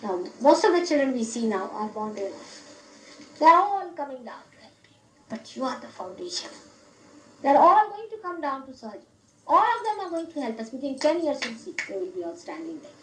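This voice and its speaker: An older woman giving an informal spiritual talk in a public hall, often laughing and speaking in an animated, instructive way. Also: high voice. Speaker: spiritual teacher. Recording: echoey hall, faint background hiss.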